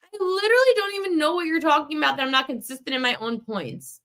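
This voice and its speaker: High, bright-voiced woman ranting. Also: fast. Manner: heated, ranting at a chat commenter. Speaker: sports betting podcast host. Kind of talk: live-stream betting talk.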